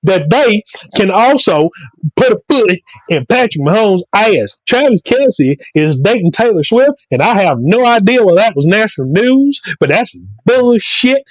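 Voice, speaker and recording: A high-voiced man with a Southern US accent tears into football takes in a loud, repetitive, profanity-laced comic rant. His voice is recorded close and dry, with a dull, lo-fi edge. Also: big pitch swings, a little slow, dry recording. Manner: loud, repetitive, trash-talking. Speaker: sports podcast co-host.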